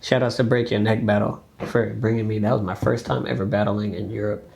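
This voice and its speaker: A young adult man from the United States telling a story as a dancer guest on a podcast, casual and animated, acting out quoted speech with lots of fillers. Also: fairly low pitch, a little fast, creaky.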